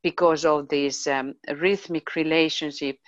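A woman with a very low voice speaks in a casual discussion, often pausing to search for words. The recording is dry and muffled, with a lo-fi sound. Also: steady tone, no room sound. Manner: searching for words, many fillers. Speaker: discussion participant.

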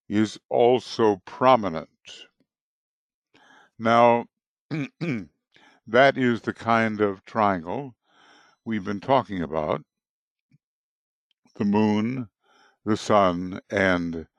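A man giving an unscripted astrology lecture with a hoarse morning voice, explaining in a halting, deliberate way. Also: fairly low pitch, dry recording. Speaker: astrology teacher.

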